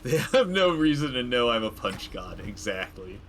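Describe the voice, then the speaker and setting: A man's voice: medium pitch, sing-song, normal speed, fairly bright tone, slight background noise. A man casually commenting while playing a video game, rambling with many fillers and frequent chuckles. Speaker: let's play gamer.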